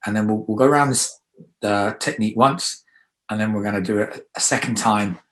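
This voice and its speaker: A man coaching a guided affirmation exercise, energetic and emphatic, coaxing the listener to repeat after him. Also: lowish voice, a little fast.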